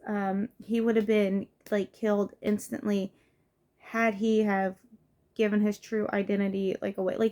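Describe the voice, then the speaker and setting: A woman's voice: medium pitch, darkish tone. A woman who has children, giving an informal, earnest home devotional as a lay preacher, talking casually with fillers and restarts. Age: adult with children.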